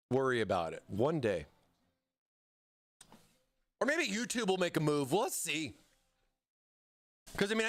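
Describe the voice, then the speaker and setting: A man's voice: sits high, a bit bright, clean tone. An American man hosting a casual live stream, chatting with viewers while he builds a PC, often breaking off mid-sentence to answer chat. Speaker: livestream host building a PC.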